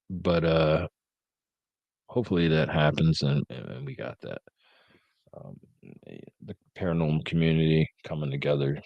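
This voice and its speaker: Low, dry-voiced man rambling casually. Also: a little mellow, no room sound. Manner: rambling, many ums and uhs. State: sleepy, yawning. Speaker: podcast host. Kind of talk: casual live-stream chat.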